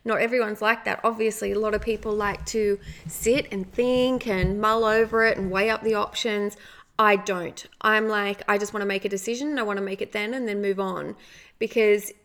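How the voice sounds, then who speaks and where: A woman's voice: medium pitch, fairly even intonation, normal speed, fairly bright tone. A woman, hosting a casual motivational podcast and talking in a chatty way, often adding "like" and "right?". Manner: chatty, frequent "like" and "right?" asides. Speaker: podcast host.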